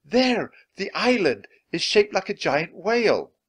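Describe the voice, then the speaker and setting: An eager, chatty little girl with a high, bouncing voice, as a man reads her aloud. She sounds bright and animated in a storybook telling. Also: unhurried, breathy edge, exaggerated voice. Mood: excited. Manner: high, excited.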